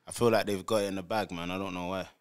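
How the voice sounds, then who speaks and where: A young man co-hosting a live studio chat show, casual and relaxed, often ending lines with "man". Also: sits low, quick pace, clear, resonant tone. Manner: laid-back, ends lines with "man". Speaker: co-host. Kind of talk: casual live call-in banter.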